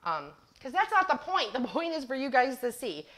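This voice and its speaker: A woman's voice: high voice, very animated, normal speed, a bit bright. A middle-aged woman hosting a DIY craft livestream, chatting casually and laughing at herself while she demonstrates. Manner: giggly, self-deprecating storyteller. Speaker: craft channel host.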